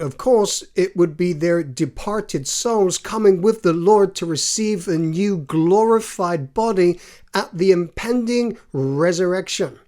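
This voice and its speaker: A Bible teacher delivers a scripted lesson in a slow, unhurried rhythm. The voice sits at a middling pitch, neither high nor low. Verses are read aloud with earnest, measured emphasis. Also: darkish tone.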